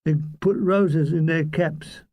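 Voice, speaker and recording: A man's voice: a little high, steady tone, takes it slowly, dark tone, no echo. A man narrating a comic wartime memoir in a dry, wry storytelling manner. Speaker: audiobook reader.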